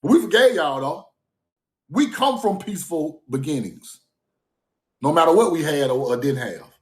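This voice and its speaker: A man's voice: mid-range voice, roomy sound. A man talking off the cuff on a livestream, emphatic and repeating himself, often breaking into laughter. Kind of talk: casual livestream monologue. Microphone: phone or streaming mic.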